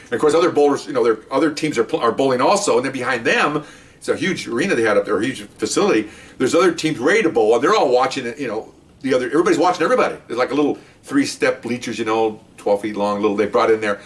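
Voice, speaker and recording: A middle-aged man and former police detective telling stories from the job in a casual, animated way. He often acts out what people said and keeps checking in with "okay?". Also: medium pitch, racing, recorded from a distance. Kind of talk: casual storytelling podcast.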